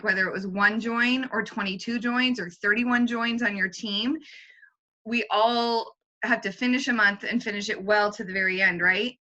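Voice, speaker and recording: A woman's voice: medium pitch, bright, forceful tone. A young adult woman talking casually in a book discussion, rambling with fillers and restarts. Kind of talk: casual chat.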